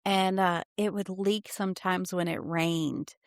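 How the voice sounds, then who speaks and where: A middle-aged woman co-hosting a casual chat, telling lively anecdotes. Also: lowish voice, a little slow, dry recording, studio quality. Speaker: podcast co-host.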